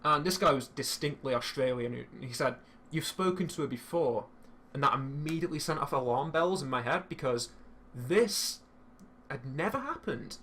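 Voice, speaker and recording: A young man telling a story in casual chat while streaming a game, swearing freely and animated. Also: medium pitch, normal speed, slight background noise.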